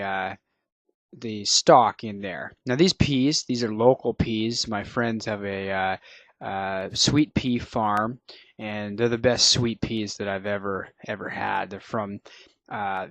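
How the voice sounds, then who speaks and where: Relaxed man demonstrating a cooking recipe. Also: lowish voice, dry recording. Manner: relaxed, explanatory, with frequent fillers. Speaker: cooking show host.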